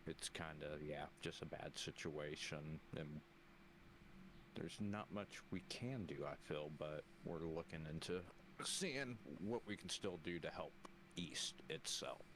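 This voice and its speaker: A man talks about his guild's troubles in an extremely deep voice. He sounds weary and halting, with many fillers. A faint hiss runs under the recording. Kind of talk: casual gaming chat.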